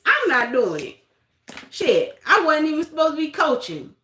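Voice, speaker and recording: A woman hosting a casual livestream, telling stories with animated acted-out quotes; she coaches youth basketball. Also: fairly high pitch, fairly quick, reverberant. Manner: animated storytelling, acts out quotes. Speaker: livestream host.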